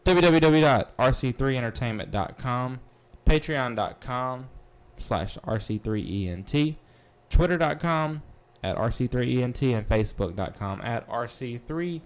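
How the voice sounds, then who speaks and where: Excitable man recapping wrestling. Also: mid-range voice. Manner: excitable, blunt, swears freely. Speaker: podcast host. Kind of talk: casual wrestling recap livestream.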